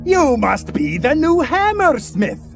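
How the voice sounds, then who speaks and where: A rowdy dwarf guard with a high, gravelly that leaps about as he jeers. He drags his words out slowly, and game music plays under him. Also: wildly swooping pitch, exaggerated voice. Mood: mocking. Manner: jeering, rough-spoken. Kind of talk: 1990s adventure game voice acting.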